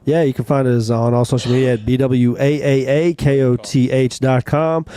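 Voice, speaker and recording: A man's voice: medium pitch, steady tone, normal speed, warm tone, smooth. A man co-hosting a podcast in laid-back, plainspoken casual chat. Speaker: podcast co-host.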